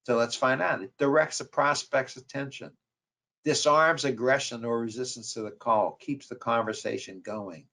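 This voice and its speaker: A man's voice: mid-range voice, fairly even intonation, moderate pace, sharp tone. Emphatic male marketing lecturer. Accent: New York. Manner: repetitive, emphatic coaching delivery. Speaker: marketing professor. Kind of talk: recorded webinar lecture.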